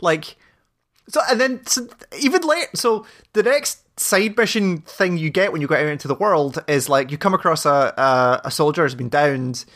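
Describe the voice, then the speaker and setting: A man in casual podcast chat about a game, talking animatedly with lots of swearing, acting out the scenes he describes in quick voices. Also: a little high, lively intonation, fairly bright tone. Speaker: podcast co-host.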